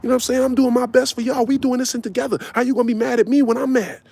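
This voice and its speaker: A man's voice: very high-pitched, fairly even intonation, creaky, a little mellow, pitched above the performer's own voice, heavily acted. A man voicing a male pimp who is arguing and defending himself in a raised, exasperated voice. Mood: heated. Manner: exasperated, rapid-fire, raised voice. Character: heated male pimp arguing with his women.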